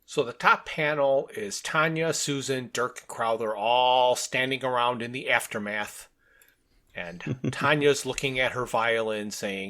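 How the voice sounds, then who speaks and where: A man's voice: medium pitch, unhurried, pushed and bright. A man co-hosting a casual podcast, describing comic book panels, reading out dialogue and laughing often. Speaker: podcast co-host.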